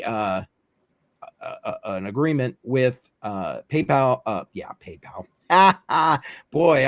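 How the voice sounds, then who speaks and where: A man with a mid-range voice, recorded with no room sound, hosts a crypto news livestream in casual talk-show style. He rambles in an offhand way, filling his speech with lots of fillers.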